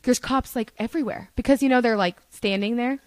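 A young woman telling a casual story as a podcast guest, chatty and animated, swearing freely and saying "like" a lot. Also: on the high side, a little fast, dry recording. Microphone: studio podcast mic.

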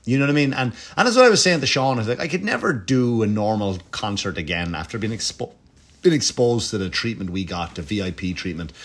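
Profane Irish comic telling stories. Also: male voice, lowish voice, a little fast. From Ireland. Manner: profane, animated anecdotes with frequent asides. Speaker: comedian. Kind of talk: casual storytelling. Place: home, dog nearby.

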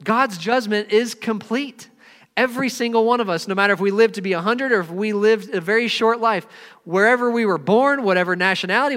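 A man delivers a sermon in an earnest, emphatic way. His voice sits high, and his stressed words swell before he drops to a near hush. A long reverb trails every phrase. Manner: earnest, emphatic, swings between loud stresses and quiet drops. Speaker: pastor.

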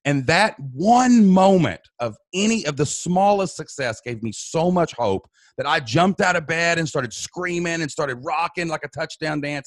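An animated man in his thirties, telling a personal story with lively swings in pitch. His voice sits close and dry, with no room sound. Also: moderate pace, few pauses, dry recording. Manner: animated, says "dude" and "man". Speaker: guest. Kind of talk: emotional storytelling.

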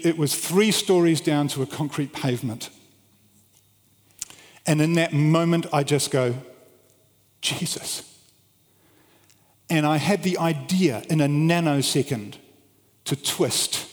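Middle-aged male preacher in a reverberant hall. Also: measured pace. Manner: animated storyteller with big swings in pitch and loudness. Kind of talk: storytelling sermon. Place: large hall with an audience.

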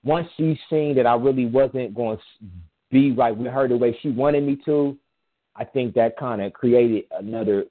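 Man, casual chat, rambling and emphatic, phone-line audio, average pitch. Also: normal speed. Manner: rambling, emphatic storytelling with frequent restarts. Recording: tinny phone-line sound.

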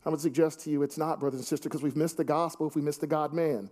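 High-voiced man preaching a sermon. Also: fairly even intonation, fast talker, a little mellow. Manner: earnest, wry asides to the congregation. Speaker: pastor.

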